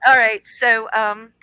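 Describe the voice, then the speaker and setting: A middle-aged woman tells a personal story as a radio guest, animated and dramatic, slipping into the voices of the people in it. Her voice is very bright and cutting, and the close mic is completely dry. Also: fairly high pitch, clear, resonant tone, no echo, rough recording. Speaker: guest on a paranormal radio show. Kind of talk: casual storytelling.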